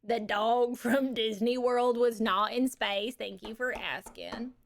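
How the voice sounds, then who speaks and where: A woman's voice: fairly high pitch, fairly even intonation, slow, vocal fry, slight background noise. A woman playing a brash, crude Texan woman trucker back from space, drawling and calling everyone baby, for a live stream. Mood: deadpan. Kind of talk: live-stream character bit.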